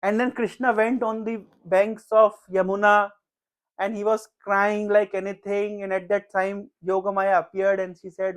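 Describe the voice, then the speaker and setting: A man's voice: high-pitched, little pitch movement, normal speed, clear, resonant tone. A man giving a devotional talk at a home gathering. He tells a sacred story in an earnest, conversational way, full of fillers and restarts. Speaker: speaker at a devotional house program.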